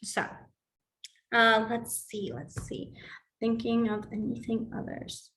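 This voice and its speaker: A somewhat high-voiced woman leads an informal sign language class. She talks in a loose, chatty way, scattering fillers through her explanations and stories. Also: slow. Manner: chatty, filler-heavy, animated storytelling. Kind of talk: casual class teaching.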